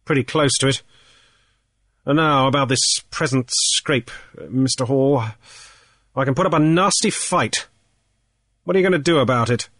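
Male narrator as a gruff poacher captain, blunt, hard-edged, dry close sound. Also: mid-range voice, moderate pace, pauses often, fairly bright tone, no room sound, pitched above the performer's own voice, close to an everyday voice. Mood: guarded, blunt. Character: hard, dangerous adult male sea captain. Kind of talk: audiobook character voice.

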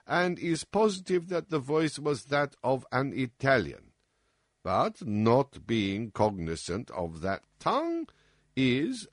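A man voicing a calm, analytical male detective who lays out his reasoning in a measured, lecturing way, as in an audiobook. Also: medium pitch, dry recording, studio quality, heavily acted. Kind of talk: audiobook character reading.

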